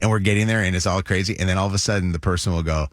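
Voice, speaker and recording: A man with a fairly low voice hosts a radio show, trading casual banter with co-hosts. He tells animated family stories and acts out the quotes. The sound is dry and close. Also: rapid-fire, no echo.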